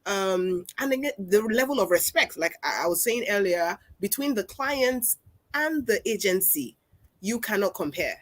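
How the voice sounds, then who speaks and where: A woman from Nigeria telling lively stories about work as a guest on a webinar panel, over a video call. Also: medium pitch, moderate pace. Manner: animated storytelling, quoting people. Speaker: guest speaker, advertising creative.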